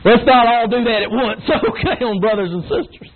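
A man's voice: extremely high pitch, a little fast. A middle-aged man, preaching an emphatic, folksy sermon to young people. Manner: folksy, emphatic, acts out whining kids with grunts. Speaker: pastor preaching to youth. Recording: tinny phone-like line, faint noise.

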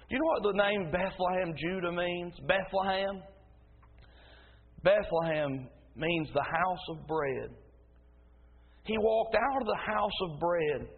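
A man preaching a sermon as pastor in a church, emphatic and rising into a loud preaching cadence. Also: high-pitched, slightly rough. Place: church sanctuary. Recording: tinny phone-like sound in a reverberant hall.

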